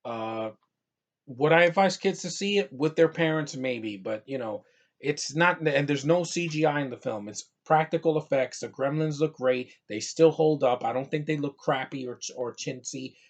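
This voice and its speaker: A man's voice: fairly high pitch, normal speed. A man from New York giving a casual, rambling movie review, full of fillers and restarts.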